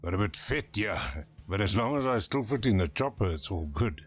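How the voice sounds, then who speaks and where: An actor playing a rugged older-brother helicopter tour pilot with a South African accent, blunt and easygoing, in a game. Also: male voice, on the low side, very animated, moderate pace. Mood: gruff.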